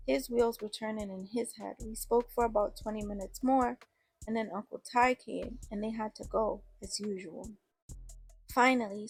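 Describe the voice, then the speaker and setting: A woman's voice: medium pitch, gravelly, darkish tone, slightly rough. A woman narrating a first-person story in a casual, slangy way.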